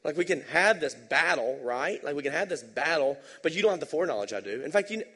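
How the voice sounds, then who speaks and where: Male pastor, slightly high voice, casual and animated sermon, long reverb. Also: fast, breathy edge. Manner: conversational, animated, tag questions.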